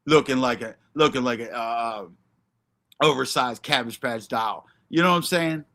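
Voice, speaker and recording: A man's voice: medium pitch, normal speed, fairly bright tone. A man hosting a livestream, ranting in a brash, profane, confrontational way and answering chat by name. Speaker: livestream host.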